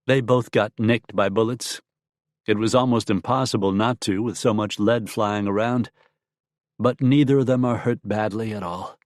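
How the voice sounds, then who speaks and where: A man voicing a spirited young frontier wife in an audiobook, soft-spoken and earnest. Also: fairly low pitch, fairly even intonation, moderate pace, no echo, studio quality, lightly acted. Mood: tender. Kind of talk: audiobook character voice.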